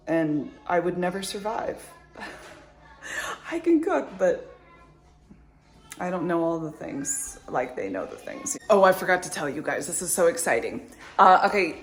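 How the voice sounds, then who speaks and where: A woman in her thirties chatting casually to her viewers in a vlog, upbeat and rambling, with lots of likes and ums. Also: fairly low pitch. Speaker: vlogger, mother.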